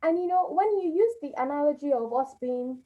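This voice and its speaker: A woman's voice: high voice, animated, a little fast. A woman hosting a webinar, reflecting thoughtfully on what her guest just said. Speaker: webinar host. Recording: dull lo-fi webinar audio.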